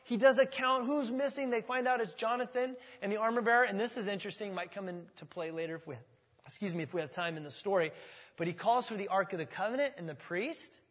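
A middle-aged male pastor tells a Bible story in a casual, animated way and acts out each character. His voice sits high and sounds husky. A long reverb from the hall trails after him. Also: fast talker. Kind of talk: sermon retelling a Bible story.

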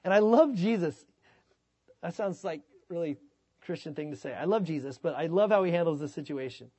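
A man preaching a sermon as pastor, in a conversational, animated way, sometimes acting out the voices of the people he quotes. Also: fairly high pitch, brisk, slightly rough, dry recording.

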